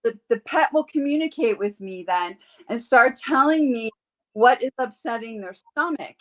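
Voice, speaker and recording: Animated woman telling stories, fairly high voice. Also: normal speed, highs cut off. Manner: animated storyteller who acts out quoted voices. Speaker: guest, animal communicator and Reiki healer. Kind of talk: casual interview storytelling.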